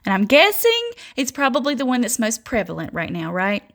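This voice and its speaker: High, bright-voiced scolding woman preacher. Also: wildly swooping pitch, a little fast. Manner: scolding, mocking, laughs mid-sentence. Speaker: self-described prophetess. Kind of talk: fervent religious monologue.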